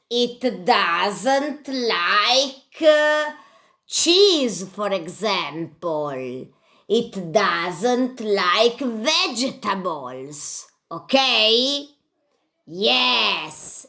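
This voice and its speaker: A woman with an Italian accent teaching English to young children with puppets. She speaks very slowly in a bright, lively voice that rises and falls, repeating each simple sentence clearly. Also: mid-range voice.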